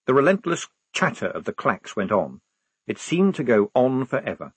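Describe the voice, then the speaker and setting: Husky-voiced male audiobook narrator. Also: medium pitch, very animated, normal speed, dry recording. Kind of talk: scripted narration.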